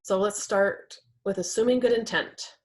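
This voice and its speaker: A woman's voice: medium pitch, a little slow. A young adult woman instructor teaching a class in a conversational way, often checking in with "right?" and acting out example quotes. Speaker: workshop instructor.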